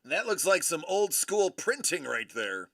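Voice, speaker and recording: Male host, forties, slow and easy delivery, joking manner. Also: a little high, very animated, vocal fry, a bit bright. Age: 40s. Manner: playful, teasing, jokey sign-offs. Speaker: host of a live card-opening stream. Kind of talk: casual live-stream chat.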